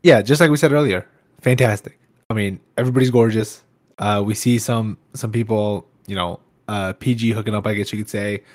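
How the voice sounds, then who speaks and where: A man co-hosts a podcast, chatting about a reality show in a quick, agreeable, upbeat way. His voice is fairly low and sounds dry and close, with little room sound around it. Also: steady tone, a little mellow, dry recording. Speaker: podcast co-host. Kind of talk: casual reality-show recap chat.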